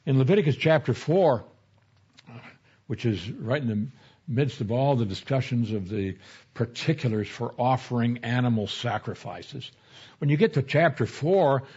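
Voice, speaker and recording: A man's voice: mid-range voice, darkish tone, slightly rough. A male pastor works through scripture in an easygoing, conversational sermon, dropping in stories from his own experience. His voice carries a mild huskiness. The recording is a little muffled and lo-fi. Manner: conversational teaching with anecdotes. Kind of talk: expository sermon.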